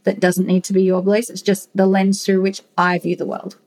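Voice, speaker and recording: A woman's voice: mid-range voice, monotone, a little fast, a little mellow. Frank, swearing woman podcast host. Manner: frank, casual, swears freely; earnest, encouraging to listeners. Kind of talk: personal storytelling monologue.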